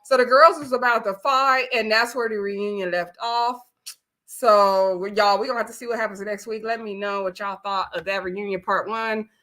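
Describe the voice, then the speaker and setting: A woman's voice: mid-range voice, fairly even intonation, moderate pace, bright, forceful tone. A woman chatting casually on a live stream, recapping a reality show with frequent laughter and acted-out quotes. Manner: chatty, laughs often, acts out quoted voices.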